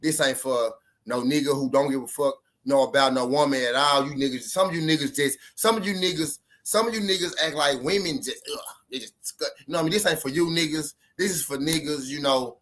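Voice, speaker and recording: Slightly high, fairly quick and fairly bright, this vlogger's voice delivers relationship advice. He tells his viewers a relationship story casually, in emphatic street talk that's profane and repetitive.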